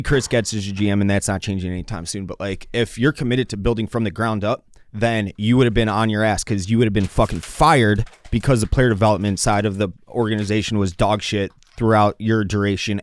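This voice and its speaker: Low-voiced rambling podcast guy. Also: a little fast. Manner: rambling storyteller, swears a lot. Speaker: podcast co-host. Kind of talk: casual sports chat.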